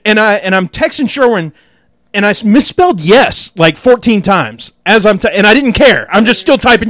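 A man chats as a podcast co-host, telling stories in an excitable, animated way. His voice sits a bit on the high side. The sound is close and dry. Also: normal speed, no echo. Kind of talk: casual chat.

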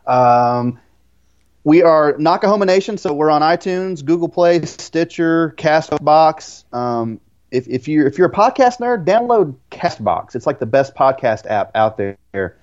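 A man's voice: on the high side, lively intonation, measured pace, darkish tone, muffled recording. A young man who is a guest on a podcast, chatting casually and filling his speech with "like" and restarts. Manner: filler-heavy, says "like" constantly. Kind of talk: casual chat.

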